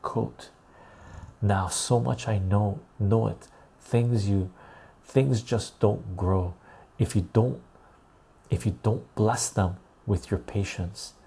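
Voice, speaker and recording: A man hosting a soft-spoken ASMR live stream, reading out song lyrics from viewers in a slow, quiet way, his voice going rough and cracking. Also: lowish voice, steady tone.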